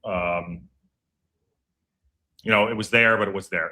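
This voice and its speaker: A man's voice: deep voice, steady tone, measured pace, bright, forceful tone. A man hosting a live fan podcast, chatting loosely and reading out viewer messages. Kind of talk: casual live watch-along chat.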